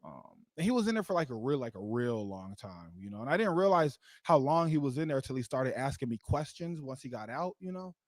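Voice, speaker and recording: A man's voice: medium pitch, sing-song, brisk, few pauses, no echo. A man performing a live stand-up comedy set into a stage mic, rambling with lots of "like" and laughing at his own jokes. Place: live comedy show venue.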